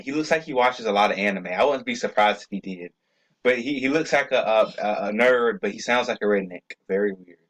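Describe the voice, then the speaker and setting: A man's voice: medium pitch, fairly bright tone, low-quality recording. A young man chatting casually to his viewers, loose and rambling, with many fillers, stammered restarts and cussing. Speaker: video creator. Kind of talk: casual rambling vlog talk.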